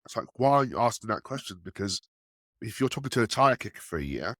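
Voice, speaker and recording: This fast talker is telling casual podcast stories about enterprise sales, animated throughout and pitching his voice up for quoted lines. The studio sound is clean and free of echo.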